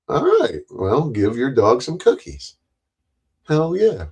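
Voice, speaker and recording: A man's voice: mid-range voice, very animated, slow, breathy edge. A middle-aged man hosting a casual livestream, rambling, joking crudely and laughing often. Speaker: livestream host.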